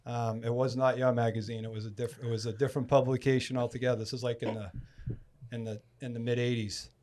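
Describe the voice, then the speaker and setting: A man's voice: medium pitch, fast talker, a little hiss or hum. A middle-aged man from Massachusetts telling a casual story as a podcast guest, acting out the people he quotes. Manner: animated storyteller who acts out quoted people.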